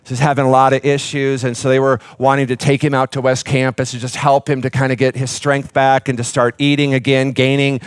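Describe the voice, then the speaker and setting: A man's voice: mid-range voice, flat delivery, a little fast, few pauses, smooth, dry recording. A middle-aged man preaching as a pastor, with a voice sitting in the middle range. He tells a personal story with fillers and restarts. The sound is close and dry, with almost no room around it. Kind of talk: sermon.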